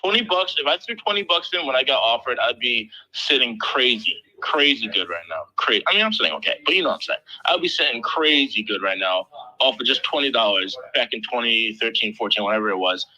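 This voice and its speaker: Male crypto show host, 30s, from the Philly area. Very bright, loose and profane. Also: medium pitch, a little fast, low-quality recording. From Philadelphia area. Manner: loose, profane, animated storytelling. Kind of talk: casual chat.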